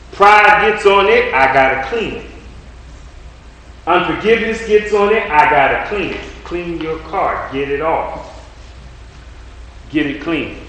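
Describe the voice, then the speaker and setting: A man preaching a sermon in a bright, forceful voice pitched a little high. He hammers his points home with repeated lines and rhetorical questions. The sound rings around an echoey room. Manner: emphatic, repetitive preaching cadence with rhetorical questions.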